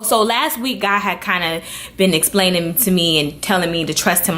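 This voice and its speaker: A young adult woman vlogging to camera, telling a personal story with earnest, animated delivery and acted-out quotes. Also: lowish voice, moderate pace, a little hiss or hum. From Florida.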